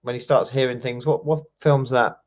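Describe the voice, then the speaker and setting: A man's voice: mid-range voice, steady tone, moderate pace. A man co-hosting a casual chat, full of dry, teasing banter. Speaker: co-host.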